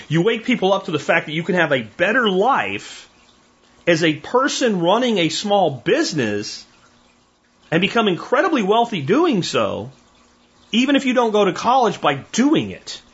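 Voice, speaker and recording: A middle-aged man with a voice on the high side and a breathy edge hosts a podcast. He tells stories in a relaxed monologue, animatedly impersonating those he quotes, and the recording sounds dull and lo-fi.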